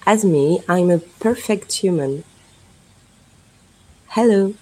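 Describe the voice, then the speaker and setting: A woman performance artist from France, speaking in slow, repetitive, incantatory phrases as part of an improvised radio performance. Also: fairly low pitch, a little mellow, husky, low-quality recording.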